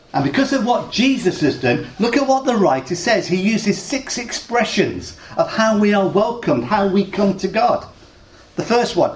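A man's voice: high voice, very animated, moderate pace, reverberant, a little hiss or hum, rough recording. A man preaching a sermon as a pastor, telling a story earnestly and repeating phrases for emphasis.

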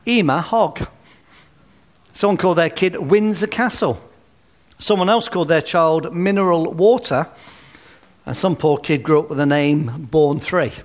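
A man preaching a sermon with gentle humor and anecdotes, at a baby's naming. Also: on the high side, unhurried, pauses often. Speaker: pastor. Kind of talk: sermon at a baby dedication.

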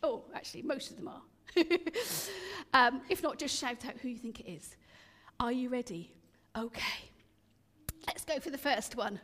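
Here a woman preacher at normal speed and with a high-pitched voice gives a storytelling sermon as part of an all-age church talk. She is animated and conversational, questioning the congregation as she goes, with long church reverb around her in the hall.

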